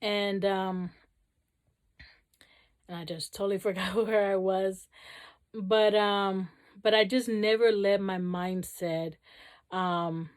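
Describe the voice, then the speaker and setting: A woman's voice: mid-range voice, fairly even intonation, slow pace, pauses often. A woman vlogger telling a personal story to camera, casual and rambling, with many fillers and restarts.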